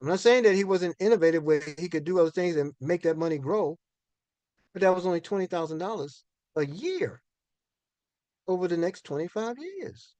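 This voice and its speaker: High-voiced older man telling folksy stories. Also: big pitch swings, normal speed, a little mellow, no echo. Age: 60s. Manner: folksy and conversational, repeats and restarts words. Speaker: minister giving a finance talk. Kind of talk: storytelling lecture to an audience.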